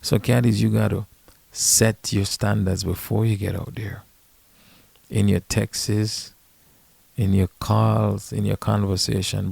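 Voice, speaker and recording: Gravelly, husky man ranting bluntly. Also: lowish voice, little pitch movement, slow, a little mellow, no echo. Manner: blunt, profane, emphatic. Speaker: caddy and podcast host. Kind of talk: casual storytelling rant.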